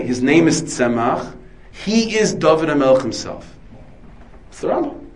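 A man's voice: fairly high pitch, animated, unhurried, pauses often, rough recording. Man giving a rambling Torah lecture. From United States. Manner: digressive, asks and answers his own questions; dense with Hebrew and Yiddish terms. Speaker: rabbi.

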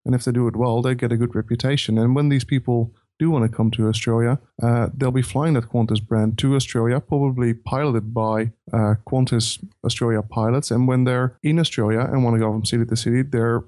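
A man with a dark, mellow voice lays out his reasoning in a measured, explanatory way on a podcast panel. His voice is recorded dry and close, with no room sound. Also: medium pitch, steady tone, dry recording. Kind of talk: casual discussion.

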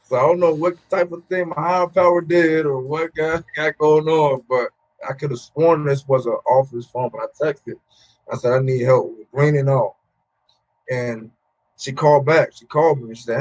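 A man's voice: a little high, normal speed, a little mellow. A man in his thirties, a former pro football player, telling his story candidly in an interview, with many fillers and repeated words. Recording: muffled, lo-fi sound.

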